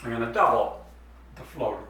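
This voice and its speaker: A man's voice: mid-range voice, lively intonation, fairly bright tone, distant mic. Man teaching drawing in an echoey room. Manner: unhurried, explains step by step while drawing. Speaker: art teacher. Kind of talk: drawing demonstration.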